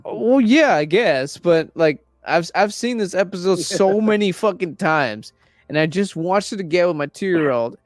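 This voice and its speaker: A young man in casual chat, rambling and swearing a lot while retelling a story with animated energy. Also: high voice, normal speed, hardly any pauses, dry recording, clean studio sound, faint music behind. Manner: acts out quoted characters in raised voices. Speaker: podcast host.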